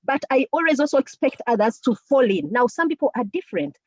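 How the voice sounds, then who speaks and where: A woman speaking to a women's group as a co-founder and technical officer, lively and animated, laughing often and speaking straight to her listeners. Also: high voice, quick pace, no room sound. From Uganda. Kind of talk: motivational talk. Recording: dull lo-fi sound.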